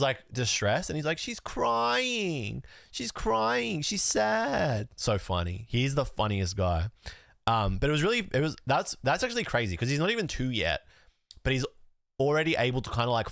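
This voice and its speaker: A man's voice: mid-range voice, very animated, moderate pace, a bit bright, no room sound, clean studio sound. A young man streaming from home, chatting casually with lots of fillers, swearing and rambling as he sorts his cards. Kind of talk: casual live-stream chat.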